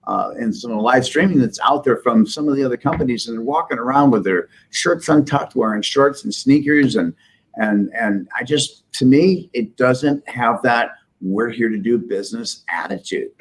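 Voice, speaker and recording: A man's voice: mid-range voice, moderate pace, breathy edge, low-quality recording. A man from the Midwest, a business owner being interviewed, telling stories in an emphatic, joking, candid way. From Midwest United States. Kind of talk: casual interview storytelling.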